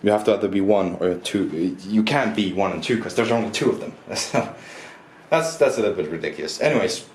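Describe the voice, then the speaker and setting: A man's voice: lowish voice, expressive, normal speed. A man, a board game reviewer rambling casually through the rules and his opinions, often restarting his sentences. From Denmark. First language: Danish. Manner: rambling, restarts often, self-deprecating asides. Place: indoors at a table. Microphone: camera mic, self-recorded. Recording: roomy echo, faint background noise.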